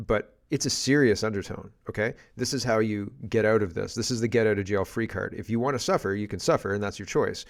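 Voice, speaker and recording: A man's voice: fairly low pitch, fairly quick, vocal fry, hardly any pauses. A man from Canada giving a casual political rant, blunt and exasperated, with frequent restarts and sighs. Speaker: political commentator.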